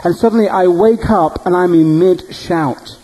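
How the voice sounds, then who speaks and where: A male preacher telling dream stories in a sermon, animated and humorous. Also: high voice, normal speed, poor audio. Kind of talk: storytelling sermon.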